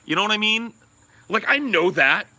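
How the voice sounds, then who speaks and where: A man co-hosting a podcast, talking in a profane, rambling casual way with loud laughs. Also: sits high, lively intonation, moderate pace. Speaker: podcast co-host. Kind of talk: casual chat.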